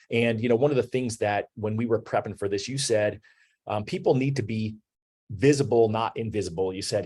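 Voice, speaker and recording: A man in his forties hosts an online business talk, his voice sitting fairly low. He speaks in a loose, conversational way, leaning on "you know" and "um" as he thinks aloud. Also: darkish tone. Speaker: host. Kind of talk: webinar talk.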